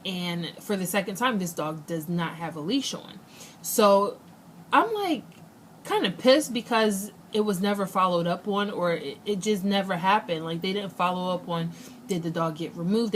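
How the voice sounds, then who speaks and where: Lower-voiced woman telling a story. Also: moderate pace, slight background noise. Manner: animated retelling, acts out quotes. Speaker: vlogger. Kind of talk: casual storytelling.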